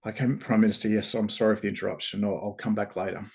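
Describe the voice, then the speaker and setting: A man's voice: fairly low pitch, level tone, rapid-fire, a little mellow, lightly acted. A man voicing an irate, urgent male economic advisor in a spoken parable. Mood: apologetic. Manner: agitated, urgent.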